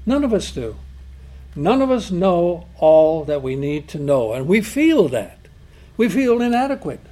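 Man, preacher, sermon, high-pitched voice, emphatic, rhetorical questions. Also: big pitch swings, a little slow, dark tone. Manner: emphatic, rhetorical questions, quotes God and scripture.

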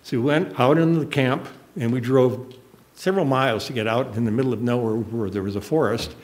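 A man's voice: mid-range voice, a little fast, darkish tone. An older man preaching a sermon, telling a personal story in an earnest, emotional way. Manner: emotional, earnest, choked up at moments.

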